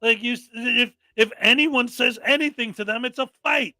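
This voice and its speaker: A man with a very high, sharply bright voice hosts a reaction commentary, exasperated and mocking as he rants. His sound is dry and close, with faint music underneath. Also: moderate pace, dry recording. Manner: exasperated, mocking, often mimics people angrily. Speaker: commentary host.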